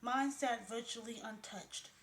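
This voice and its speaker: A woman's voice: fairly high pitch, a little slow. Woman narrating a mystery in a roomy room. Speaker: audiobook narrator. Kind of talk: first-person mystery novel narration. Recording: roomy, faintly noisy room.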